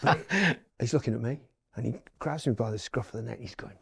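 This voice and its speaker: A gravelly, mid-pitched English man in his sixties spins easygoing anecdotes as a guest. He chats casually, stopping now and then to take a shot on a snooker table. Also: brisk. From England. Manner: animated anecdotes, playing snooker between remarks. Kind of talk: casual chat, storytelling. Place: indoor snooker room.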